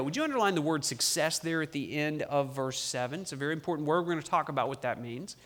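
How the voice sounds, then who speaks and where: High-voiced man preaching a sermon. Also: expressive, a bit bright. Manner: emphatic, slows down on key phrases; reads scripture aloud with the congregation. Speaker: pastor.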